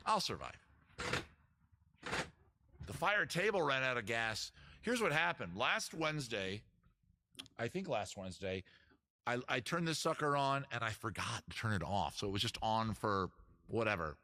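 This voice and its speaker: A man's voice: lowish voice, sharp tone, slight background noise. A man hosting a casual live-stream at home outdoors, joking and rambling in a self-mocking way. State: out of breath. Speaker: livestream host, musician. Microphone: camera mic, moves away from it.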